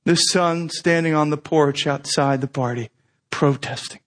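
A man preaching a sermon as pastor, conversational and animated, often asking rhetorical questions. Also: a little high, measured pace.

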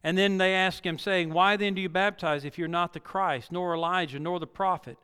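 A man's voice: sits high, fairly even intonation, moderate pace, pushed and bright, clear, resonant tone. A male pastor preaching a sermon, reading scripture dramatically and building to emphatic peaks. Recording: long reverb of a large hall.

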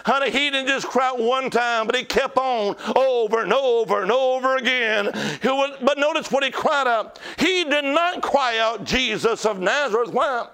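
A male pastor delivers an emphatic sermon with a very high, smooth and clear voice. He keeps asking rhetorical questions and leads call-and-response with his congregation. Pauses and repetition drive his points home. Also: pushed and bright.

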